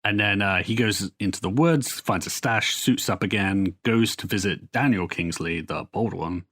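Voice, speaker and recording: A man with a very low-pitched voice co-hosts a casual podcast. He rambles through comic book plots in a loose, profane, chatty way. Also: a bit bright. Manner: rambling, profane storytelling with quick put-on quotes. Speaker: podcast co-host. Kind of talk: casual chat recapping comics.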